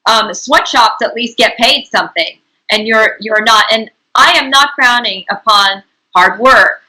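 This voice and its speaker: A woman interviewer with a bright, slightly high voice. She presses her guest with emphatic, indignant questions. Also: a little slow, poor audio. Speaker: host, interviewer.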